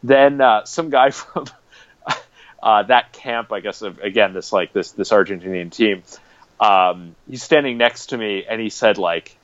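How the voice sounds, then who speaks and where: A man's voice: fairly low pitch, measured pace, no echo, dull audio. A man as a podcast guest, casually telling a rambling story.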